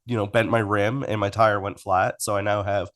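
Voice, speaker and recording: Here's a faith-podcast co-host with a fairly low, slightly bright voice, speaking at normal speed in a level tone. He keeps the talk relaxed, swapping jokes with the other host in light, easygoing back-and-forth.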